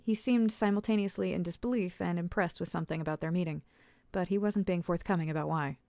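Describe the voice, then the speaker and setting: A woman author reads her own story aloud at a steady, measured pace. Her voice sits low with a gravelly fry, and the sound is close and dry with no room around it. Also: dry recording. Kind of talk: storybook narration.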